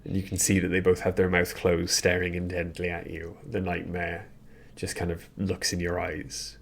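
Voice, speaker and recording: Man, very low voice, dungeon master narration, halting, lots of ums. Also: completely flat delivery, gravelly. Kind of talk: narrating a tabletop game over voice chat.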